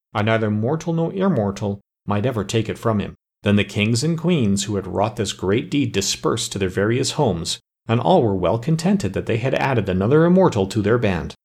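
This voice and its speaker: A man narrating a fairy tale as an audiobook, in a steady, measured way. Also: medium pitch, creaky.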